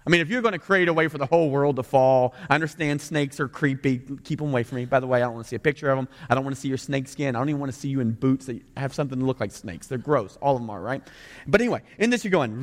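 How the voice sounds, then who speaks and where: A male pastor with a Southern American accent, preaching a sermon in a lively, conversational way with joking asides to the crowd. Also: on the high side, fast. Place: large room with a couple hundred people. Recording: long hall reverb.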